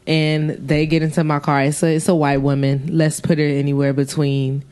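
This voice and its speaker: A woman's voice: low voice, moderate pace, clear, resonant tone. A woman in her twenties co-hosting a podcast, telling a story in a casual, profane way and acting out the people she quotes. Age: 20s. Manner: animated, profane, acts out quoted voices. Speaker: podcast co-host.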